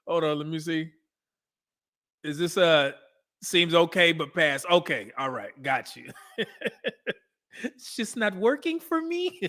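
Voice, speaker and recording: A man's voice: fairly high pitch, bright, forceful tone. A man hosting a casual live stream, reacting to old dating show clips, laughing often and reading out chat messages.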